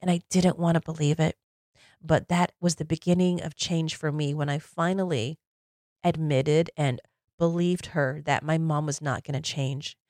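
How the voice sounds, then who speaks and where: A woman's voice: deep voice, darkish tone, dry recording, clean studio sound. A woman in her forties hosting a podcast, telling personal stories in an earnest, reflective, conversational way. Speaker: podcast host.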